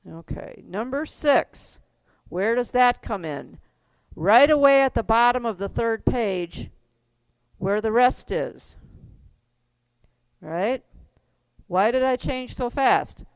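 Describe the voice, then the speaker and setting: A woman's voice: a little high, lively intonation, slow, long pauses, smooth, no echo. A middle-aged woman teaching a keyboard class, giving step-by-step instructions in a chatty way and laughing often.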